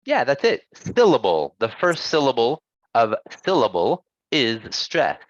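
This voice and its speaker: A man teaching English pronunciation in an online lesson, patient and encouraging, gently correcting his students. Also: mid-range voice, big pitch swings, measured pace, no room sound, muffled recording.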